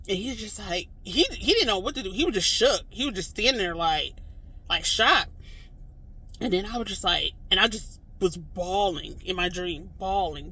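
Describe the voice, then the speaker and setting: Animated vlogger with a bright voice. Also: mid-range voice, normal speed, slightly rough. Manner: animated, acts out reactions in quotes; rambling with frequent "like" and "you know". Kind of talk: casual storytelling to camera.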